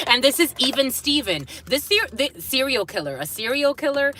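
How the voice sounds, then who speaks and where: A woman's voice: fairly high pitch, lively intonation, normal speed, sharp tone. A woman giving a collective spiritual reading to camera, blunt and profane, breaking off with laughs as messages come in. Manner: blunt, swearing, laughing asides. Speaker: tarot reader.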